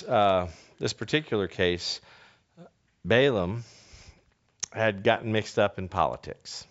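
A man's voice: lowish voice, smooth. Preacher man in a muffled recording. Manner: storytelling, rhetorical questions, frequent restarts. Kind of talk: conversational sermon. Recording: dull lo-fi recording.

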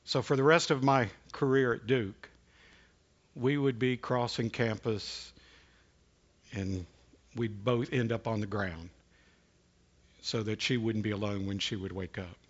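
A man preaching a sermon and telling personal stories, speaking in a halting, earnest way with frequent restarts, coughing now and then. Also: lowish voice, steady tone. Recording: dull lo-fi recording.

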